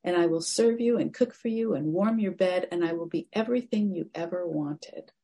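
A woman's voice: on the low side, normal speed, warm tone, rough recording. A woman voicing a cursed talking frog that coaxes a passerby with promises. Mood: coaxing. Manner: coaxing, hissing to get attention.

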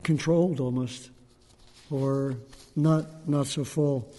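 A man giving a gentle, unhurried dharma talk to a group as a meditation teacher, pausing often. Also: mid-range voice, fairly even intonation, big-room sound. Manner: gentle, unhurried, with frequent pauses and fillers.

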